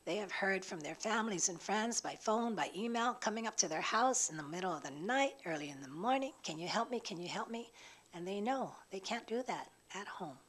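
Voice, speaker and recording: A woman, a labor secretary testifying at a legislative hearing, hoarse and impassioned under stress. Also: on the low side, fairly bright tone. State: hoarse, emotional.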